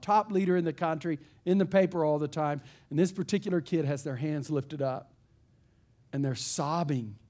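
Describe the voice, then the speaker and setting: Male pastor, higher register, lively folksy sermon storyteller. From East Texas.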